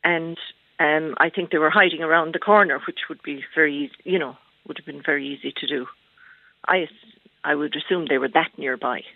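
A woman's voice: low voice, fairly quick, creaky, dry recording. Irish woman caller on a tinny phone line. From Ireland. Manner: hesitant, many fillers and restarts. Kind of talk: phone-in call.

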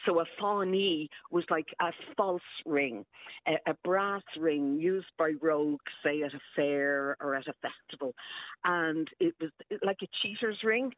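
A woman's voice: deep voice, a little slow, dry recording. An Irish woman speaking down a tinny phone line, her voice dry and close. She explains words patiently, sounding delighted by them and laughing lightly as she goes. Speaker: historian, interview guest. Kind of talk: radio interview over the phone.

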